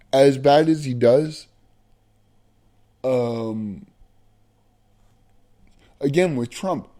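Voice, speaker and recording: A man ranting bluntly in an opinion vlog, profane and emphatic, slowing down to hammer his points. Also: on the high side, warm tone. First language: not American. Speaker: vlogger.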